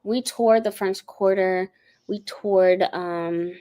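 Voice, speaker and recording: A woman's voice: medium pitch, takes it slowly. Chatty woman rambling through a story. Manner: rambling, animated storytelling with many fillers. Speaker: host. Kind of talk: casual chat.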